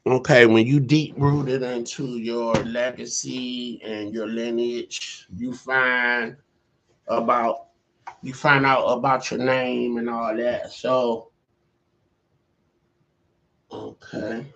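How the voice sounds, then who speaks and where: A middle-aged man spins a loose, rambling story straight to the camera. He takes his time and leans on fillers as he drifts from one thought to the next. His voice sits at an ordinary pitch. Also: flat delivery, slow, gravelly, long pauses, a bit bright. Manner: rambling, with many fillers like "you know". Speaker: vlogger.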